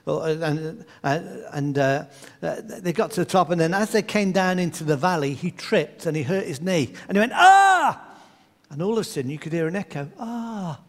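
A man's voice: on the high side, a little fast. A man preaching a sermon in an earnest way, sometimes acting out the voices in his stories. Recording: long hall reverb.

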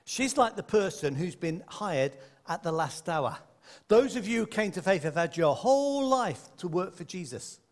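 A man delivers a sermon in a high, animated voice that rises and falls constantly. He talks to his congregation in a conversational way and drops in playful asides. His voice rings with a long reverb in a large hall. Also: normal speed. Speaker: preacher. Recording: echoey hall.

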